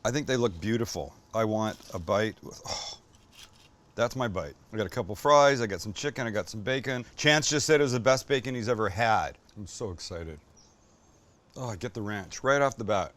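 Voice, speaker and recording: A man's voice: fairly low pitch, moderate pace, a bit bright. Enthusiastic man hosting a cooking show. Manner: enthusiastic, joking, swears casually. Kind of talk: casual cooking demonstration. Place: kitchen.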